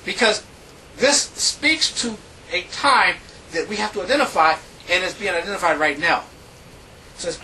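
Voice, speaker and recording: A man preaching a sermon, reading scripture in an emphatic, drawn-out way with big rises and falls in pitch. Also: pushed and bright, recorded from a distance, slight background noise, low-quality recording.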